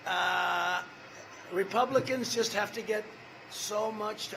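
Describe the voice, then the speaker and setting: Older man, 70s, high voice, sharp and bright tone, rambling rally speech, repetitive, crowd asides. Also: slow, slight background noise, poor audio. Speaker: politician at a campaign rally. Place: large rally venue.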